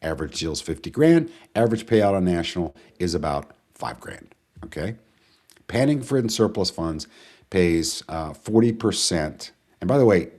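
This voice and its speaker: Male webinar host, very low voice, casual and rambling, chats with the audience. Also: a little mellow. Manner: chatty, rambling, greets viewers and answers chat questions. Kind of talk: casual live webinar talk.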